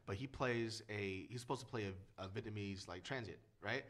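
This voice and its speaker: A man in a casual podcast chat talks quickly, piling up fillers and restarts as he makes his points. His voice sits on the lower side, and he leans hard on the words he wants to stress. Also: a bit bright. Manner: fast, rambling, emphatic with frequent fillers. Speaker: guest filmmaker.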